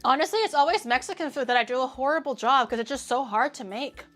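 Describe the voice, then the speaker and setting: A woman hosting a casual livestream, talking to chat in an animated, ranting way and swearing freely. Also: sits high, quick pace, faint music behind. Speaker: livestream host.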